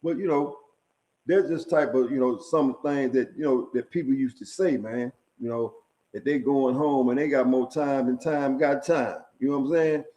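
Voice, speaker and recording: Middle-aged storyteller, streetwise and profane, mellow dark voice, leans on "man" and "right?" between lines. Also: medium pitch, steady tone, moderate pace, low-quality recording. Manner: chuckles at his own stories. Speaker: storyteller sharing prison stories. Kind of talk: casual storytelling monologue.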